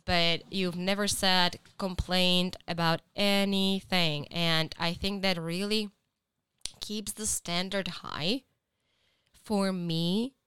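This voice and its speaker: A woman's voice: on the low side, fairly even intonation, slow, clear, resonant tone. A woman on a podcast speaking earnestly in praise of someone, then teasing with laughter. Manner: earnest and warm, rising into loud laughing teasing. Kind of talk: casual heartfelt chat.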